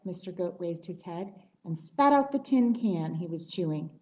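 A woman librarian reading a picture book aloud at a library story time, with gentle, expressive storytelling. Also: on the low side, normal speed. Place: public library room. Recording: roomy echoey room.

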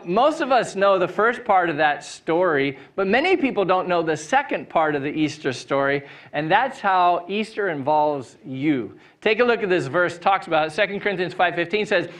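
A pastor with a fairly high, light voice delivers an Easter sermon from a church stage. His talk is friendly and upbeat, and he laughs easily through a personal anecdote. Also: a bit bright. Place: church stage before a live congregation.

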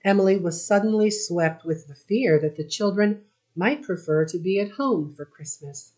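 A woman reading a novel aloud as an audiobook narrator, measured and steady. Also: mid-range voice. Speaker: audiobook reader. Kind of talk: scripted narration.

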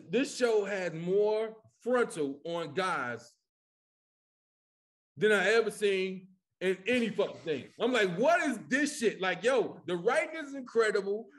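Male comedian guest from Chicago; high-pitched, animated, profane storyteller. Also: a little slow. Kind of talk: casual podcast chat.

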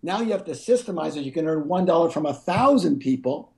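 A man's voice: on the high side, animated, a little fast, creaky. A middle-aged man speaking as a guest on a podcast interview, emphatic and teacherly, often calling on listeners to pay attention. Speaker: guest author.

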